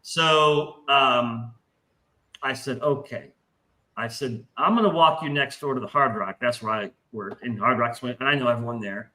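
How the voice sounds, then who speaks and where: A man telling a long anecdote in casual podcast talk, profane and animated, acting out the voices in his story. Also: medium pitch, a little slow, poor audio.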